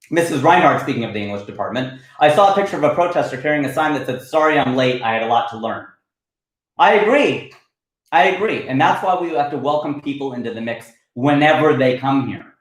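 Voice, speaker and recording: A comedian hosting his weekly livestream, riffing casually and reading out viewer comments in a lively, animated way. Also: fairly high pitch, echoey room, rough recording.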